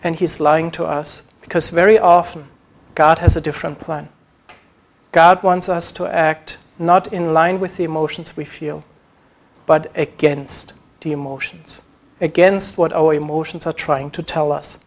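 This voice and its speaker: A man's voice: fairly high pitch, level tone, unhurried. A man preaching a sermon, earnest, acting out short quoted prayers as he teaches.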